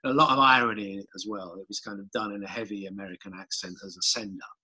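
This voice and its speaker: A man's voice: lowish voice, quick pace, over loud music, poor audio. A man recalling an old band chant in an anecdotal, storytelling way. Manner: animated storyteller acting out a chant. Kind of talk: anecdotal reminiscence.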